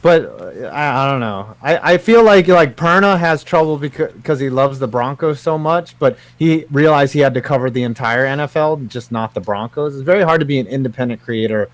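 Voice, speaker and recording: A man's voice: medium pitch, brisk, hardly any pauses, no room sound. A man co-hosting a casual podcast, joking around with crude, loose banter. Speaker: podcast co-host.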